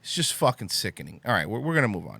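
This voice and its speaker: A man's voice: on the low side, sing-song, quick pace, gravelly, pushed and bright, breathy edge, no room sound. A man hosting a talk show, ranting angrily with heavy swearing and then apologizing. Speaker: podcast host.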